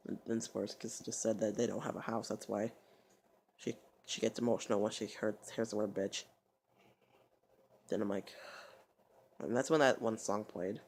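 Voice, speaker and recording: A man's voice: on the low side, steady tone, normal speed, long pauses, a little hiss or hum. A man vlogging, telling a story in a loose, rambling way full of cursing and stumbling restarts.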